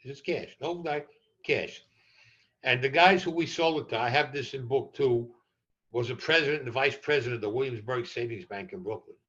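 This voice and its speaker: Profane older New man, bright voice. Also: medium pitch, brisk, lo-fi sound. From New York. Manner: blunt, profane, animated storyteller. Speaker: interview guest. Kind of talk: storytelling in a podcast interview.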